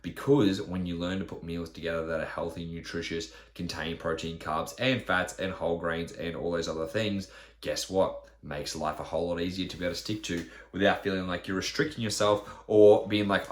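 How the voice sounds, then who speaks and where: A man's voice: sits low, moderate pace, fairly bright tone. A man, a fitness trainer, ranting bluntly on his podcast with lots of swearing and rhetorical questions.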